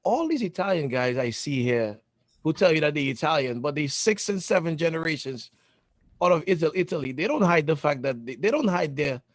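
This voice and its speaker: A man talks in an animated, casual way and keeps firing off rhetorical questions. His voice sits a little high for a man. The sound is dry and close, with no room in it. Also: brisk, no room sound. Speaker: podcast co-host. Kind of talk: casual chat.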